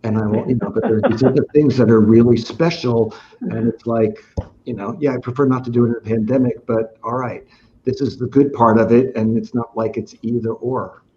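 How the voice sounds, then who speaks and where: A man's voice: medium pitch, steady tone, brisk, background noise. A man on a video-call panel, telling reflective stories in a casual way. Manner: storytelling, reflective. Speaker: panelist therapist. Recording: dull lo-fi call audio.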